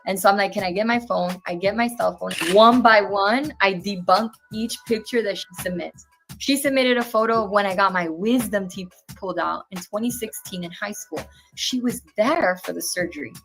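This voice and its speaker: A woman's voice: medium pitch, normal speed, a bit bright, faint music behind. A woman in her twenties, a guest telling a personal story in an earnest, indignant way and acting out each exchange as she goes. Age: 20s.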